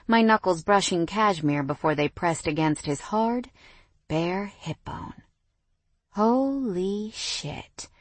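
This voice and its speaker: A young adult woman narrating a first-person romance audiobook in an expressive, wry manner. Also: fairly low pitch, dry recording.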